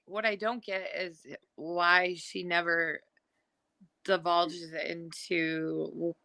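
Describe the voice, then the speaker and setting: A woman co-hosting a stream, questioning the clip in a slow, even way. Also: on the low side, gravelly, dry recording.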